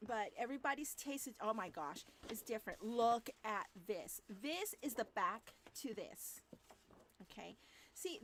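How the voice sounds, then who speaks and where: A woman hosting a papercraft channel, chatting casually with viewers, animated and gushing, and laughing often. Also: a little high, slight background noise. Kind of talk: casual chat to live viewers. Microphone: new microphone, moved closer.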